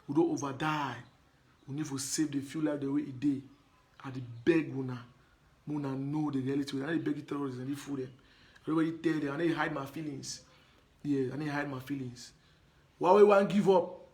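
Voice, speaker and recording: A man from Anglophone Cameroon with a Cameroonian Pidgin accent, talking to his viewers in a live stream monologue, emphatic and repetitive, often pleading with them. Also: on the high side. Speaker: live broadcaster.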